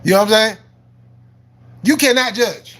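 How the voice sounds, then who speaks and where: Livestream host, male, combative and profane, preachy rant, high bright voice. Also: moderate pace. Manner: combative, profane, repeats himself, laughs often; preachy and argumentative, quoting scripture. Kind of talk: live-stream rant answering chat.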